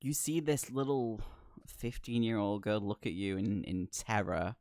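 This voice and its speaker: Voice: medium pitch, steady tone, a little slow, darkish tone, no room sound, studio quality. A game master narrating a tabletop game, laughing often between descriptions.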